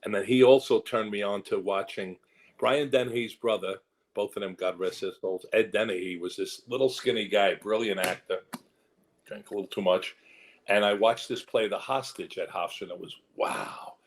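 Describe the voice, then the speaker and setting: A man's voice: lowish voice, fairly even intonation, normal speed, low-quality recording. An older man with a New York accent, a guest actor telling rambling stories in a casual interview and acting out the voices he quotes.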